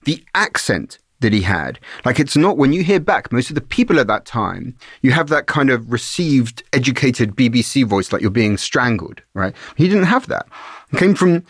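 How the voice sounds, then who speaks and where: A man's voice: medium pitch, big pitch swings, normal speed, no room sound. Analytical man co-hosting a dry-sounding podcast. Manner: analytical, explains with examples. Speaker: podcast co-host. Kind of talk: conversational history podcast.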